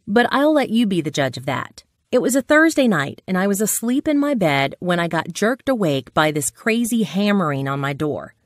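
A woman's voice: mid-range voice, no room sound. Woman telling a dramatic story for an ad, voice jumps all over, dry close sound. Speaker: narrator of a sales pitch. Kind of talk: scripted storytelling ad narration.

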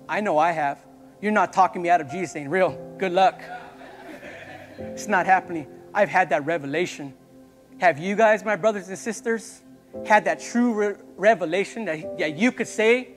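A young male youth pastor preaches with fervor in a very high voice, often urging the listeners directly. His words ring through a reverberant church hall while soft music plays underneath. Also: normal speed. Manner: impassioned preaching, repeated calls to the congregation. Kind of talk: sermon.

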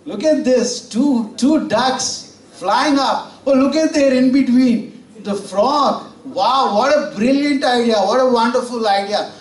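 A preacher doing an awestruck farmer. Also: male voice, very high-pitched, slow pace, voice pushed up. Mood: amazed. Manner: exclaiming, wonder-struck. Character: amazed male farmer gaping at the sky. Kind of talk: acted storytelling in a sermon. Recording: roomy church audio from far off.

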